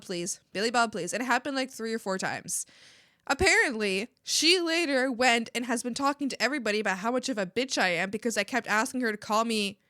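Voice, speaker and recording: A young woman chatting casually while streaming her art, animated, swearing freely and laughing often. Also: a little high, no room sound, clean studio sound. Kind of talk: casual chat while drawing.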